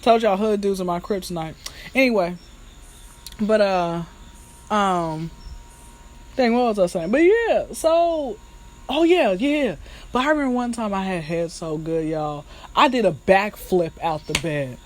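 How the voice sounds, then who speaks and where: A woman's voice: medium pitch, a little slow. A woman hosting a candid solo podcast, telling frank stories with laughs and talking straight to her listeners. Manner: chatty and animated, addressing listeners as y'all. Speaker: podcast host.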